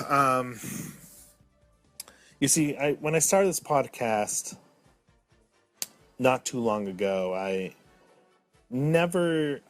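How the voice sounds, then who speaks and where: A man in his thirties hosts his own podcast alone, at a pitch that is typical for a man. He talks with playful mock drama, sliding between mopey sighs and indignant outbursts. Faint music sits under his voice. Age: 30s. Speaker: podcast host. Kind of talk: comedic solo podcast monologue.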